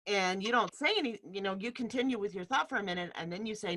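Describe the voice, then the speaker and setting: Workshop leader, woman, bright voice, explains by demonstrating, laughs easily, heard over a video call. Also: mid-range voice, lively intonation, fairly quick. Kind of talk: teaching a live online workshop. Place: home room in front of a bed sheet.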